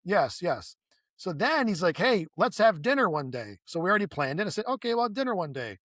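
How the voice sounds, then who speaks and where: A man's voice: high-pitched, brisk, dry recording, studio quality. A man, the guest in a casual conversation, telling long stories with many restarts and asides, acting out the voices of people he quotes. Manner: animated storyteller who acts out quoted dialogue.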